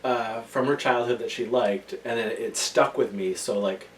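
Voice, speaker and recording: A man's voice: mid-range voice, moderate pace. A man hosting a casual podcast chat, laid-back, laughing often and swearing casually. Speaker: podcast host. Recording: distant mic with faint room noise.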